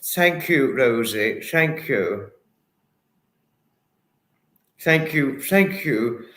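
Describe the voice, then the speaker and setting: A man's voice: medium pitch, animated, slow, fairly bright tone, roomy sound. A man hosting a casual livestream, reading chat comments and thanking viewers in an apologetic, effusive, giggly manner. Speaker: livestream host.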